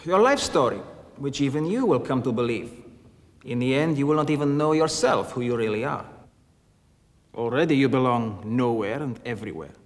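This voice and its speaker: Man acting as a stern soviet recruiter, formal, deliberate, long room echo. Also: medium pitch, animated, close to an everyday voice. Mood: commanding. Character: stern Soviet intelligence recruiter, commanding middle-aged man. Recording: reverberant room.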